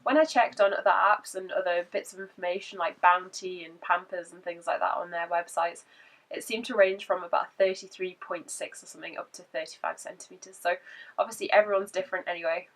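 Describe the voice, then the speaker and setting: A woman with a croaky voice from a cold, giving a chatty vlog update and laughing between points. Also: fairly low pitch, fairly even intonation, fairly quick, far from the mic. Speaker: vlogger.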